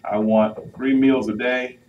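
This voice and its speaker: Slow, playful man speaking from afar. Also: medium pitch, fairly even intonation, muffled recording. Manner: playful, acts out couples' lines with audience laughter. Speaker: youth speaker. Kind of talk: sermon. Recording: distant mic with faint noise.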